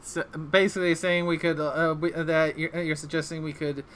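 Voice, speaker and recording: Halting, fairly high-voiced male game master. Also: little pitch movement, a bit bright, slight background noise. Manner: halting, full of restarts and ums. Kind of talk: casual chat over voice call.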